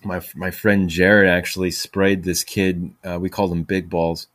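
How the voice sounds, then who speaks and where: A man's voice: low voice, level tone, a little slow, a bit bright, dry recording, clean studio sound. A man hosting a podcast, telling stories in a rambling way with many fillers and restarts. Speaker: podcast host. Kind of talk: casual storytelling monologue.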